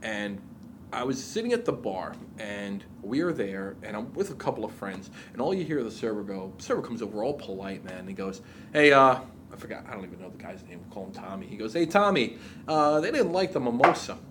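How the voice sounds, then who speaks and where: Animated, swearing man telling stories. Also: fairly low pitch, quick pace, noisy background. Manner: animated storyteller, swears freely. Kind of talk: casual chat.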